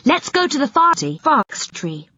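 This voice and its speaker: A woman's voice: high-pitched, very animated, measured pace, sharp tone, pitched above the performer's own voice, heavily acted. A woman voicing a bossy, impatient young boy in a storybook reading, giving orders and warnings. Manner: impatient and commanding. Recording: dull lo-fi audiobook recording.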